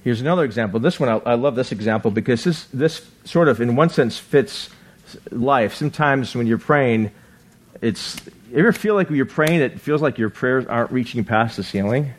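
A man preaching a sermon in a conversational way, reading scripture aloud and often checking in with listeners with a quick "right?". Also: medium pitch. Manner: reads scripture aloud, acts out quotes. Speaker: pastor.

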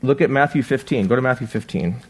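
A man preaching a sermon in a conversational way, reading scripture aloud and often checking in with listeners with a quick "right?". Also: medium pitch, husky. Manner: reads scripture aloud, acts out quotes. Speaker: pastor.

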